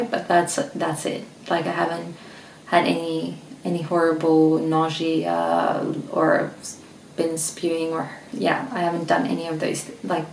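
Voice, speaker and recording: A young Swedish woman speaking English with her Swedish accent, chatting in a casual home vlog. Her voice is low and gravelly, and she sounds slightly out of breath as she rambles and restarts. She is recorded from a little way off in an echoey room. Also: darkish tone, distant mic, a little hiss or hum. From Sweden. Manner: rambling, frequent restarts and fillers. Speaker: vlogger. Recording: echoey room, mic set back.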